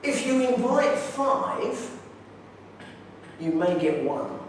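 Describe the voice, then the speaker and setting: Enthusiastic high-voiced man in an echoey hall. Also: very animated, drawn-out words, distant mic, slight background noise. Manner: enthusiastic, direct storytelling. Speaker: conference speaker. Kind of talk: preaching talk with anecdotes.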